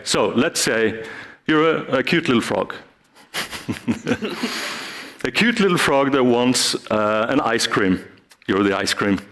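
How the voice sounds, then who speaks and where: A man's voice: lowish voice, fairly bright tone. A man giving a live talk on stage, playfully acting out short scenes with volunteers from the audience. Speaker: speaker.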